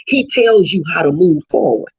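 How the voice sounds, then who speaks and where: A woman's voice: fairly low pitch, animated, moderate pace, slightly rough, dry recording. A middle-aged woman from Houston, a grieving mother giving fervent, preacherly testimony. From Houston, Texas. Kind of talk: impassioned testimony. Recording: dull lo-fi recording.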